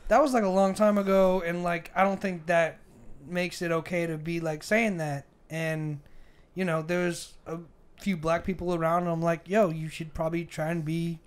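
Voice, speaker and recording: Animated young man telling a bar story. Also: on the high side, normal speed, clean tone. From Arizona. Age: 20s. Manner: animated, acts out the argument in quoted voices, gets heated. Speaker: podcast co-host. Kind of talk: casual storytelling over beers.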